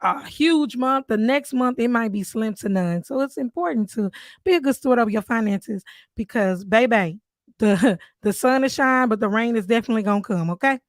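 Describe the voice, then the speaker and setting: A woman's voice: fairly high pitch, lively intonation, normal speed, no room sound. Earnest woman telling her story. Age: adult, mother of three. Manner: earnest, storytelling, with warm asides. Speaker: podcast host. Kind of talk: personal testimony on faith.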